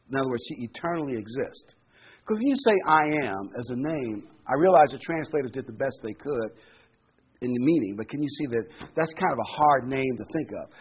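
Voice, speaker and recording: A man's voice: medium pitch, a little hiss or hum. A man in his sixties giving an informal Bible teaching in a conversational, folksy way, with frequent ums and asides. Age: 60s. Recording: dull lo-fi recording.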